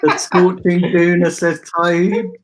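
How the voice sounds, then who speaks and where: A man's voice: high-pitched, level tone, slow. A man hosting a casual livestream, chatting with viewers and reading out their comments with easy banter. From England. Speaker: fan channel host.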